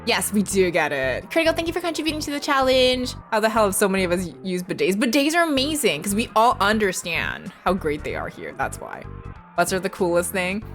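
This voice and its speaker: A woman streamer chatting casually with her viewers while playing a game, giggly and excitable, squealing when she greets people. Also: mid-range voice, brisk, faint music behind. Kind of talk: casual livestream chat with viewers.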